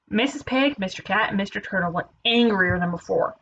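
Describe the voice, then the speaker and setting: A woman teacher reading a children's picture book aloud, playful and expressive. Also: mid-range voice, moderate pace, hardly any pauses, muffled recording, slight background noise.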